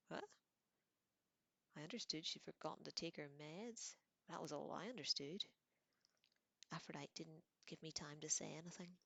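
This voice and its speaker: A woman reads a novel aloud, soft and often half-whispered, and she adds casual asides now and then. Her voice is low with a gravelly edge. The sound is close and dry. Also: moderate pace, long pauses, dry recording. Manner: casual asides between passages. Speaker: audiobook reader.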